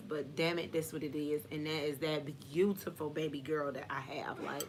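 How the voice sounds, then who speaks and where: A woman's voice: low voice, normal speed, few pauses, a little hiss or hum. A young adult woman hosting a live question-and-answer stream, talking candidly and casually, full of slang and "like". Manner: candid and chatty, with frequent "like" and slang. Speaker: host of a live Q&A.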